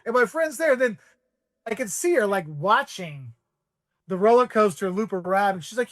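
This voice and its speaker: A man's voice: high-pitched, lively intonation, normal speed, no echo, studio quality. A man in his forties, a guest on a podcast, rambling through travel stories and acting out voices in quotes. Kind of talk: casual storytelling.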